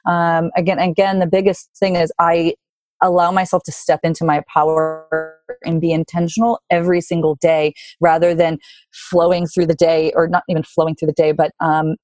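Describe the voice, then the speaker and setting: A woman's voice: fairly low pitch, little pitch movement, normal speed, a little mellow, no echo, soft background music. A woman guest in a casual conversation, reflective and earnest, with frequent fillers. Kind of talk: casual chat.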